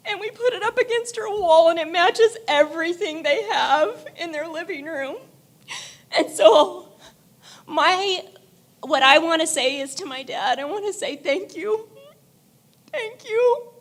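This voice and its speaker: A woman with a high voice delivers a heartfelt eulogy in a church. She tells candid stories with a mix of laughter and tears, and her voice breaks into crying at times. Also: a little slow. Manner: emotional, candid storytelling with laughter through tears. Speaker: daughter giving a eulogy. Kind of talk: memorial eulogy.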